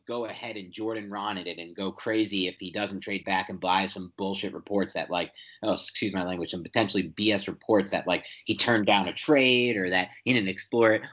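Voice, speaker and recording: Opinionated man in animated sports chat. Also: lowish voice. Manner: animated, opinionated, quick restarts. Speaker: sports podcast co-host.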